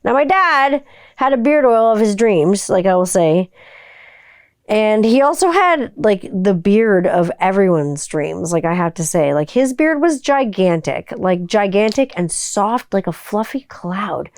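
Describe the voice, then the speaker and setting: On her solo podcast, a woman rambles chattily, leaning heavily on "like," tossing in playful asides and humming a goofy tune as she thinks. She speaks at medium pitch and a measured pace with lively intonation, and the studio sound is clean and dry.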